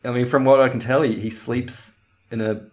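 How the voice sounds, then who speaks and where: A man's voice: mid-range voice, steady tone, moderate pace. A man co-hosting a podcast in casual chat, rambling and laughing often. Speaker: podcast co-host.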